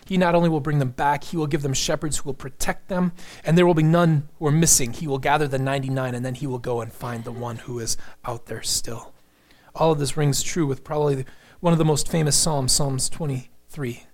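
A man's voice: steady tone, fairly quick. A man preaching a sermon, reading scripture aloud and pressing his points with rising emphasis, sometimes dropping almost to a whisper. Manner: earnest preaching, rises in pitch and force for emphasis, drops to a near whisper. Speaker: pastor.

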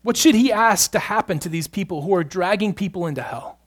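High-voiced preacher, hushed then emphatic. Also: male voice, animated. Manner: swings between hushed, slow stretches and loud, emphatic bursts. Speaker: pastor. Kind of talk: sermon.

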